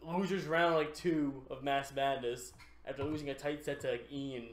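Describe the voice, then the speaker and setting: A young man co-hosting a podcast, telling an excitable, profane gaming story in casual chat. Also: medium pitch, normal speed. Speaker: podcast co-host. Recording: echoey room with faint noise.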